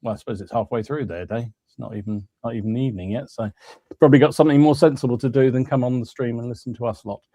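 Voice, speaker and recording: Talking fast in a mellow, medium-pitched voice, a man hosts a live hobby podcast. He chats casually, greets viewers by name and laughs frequently. The audio has no echo.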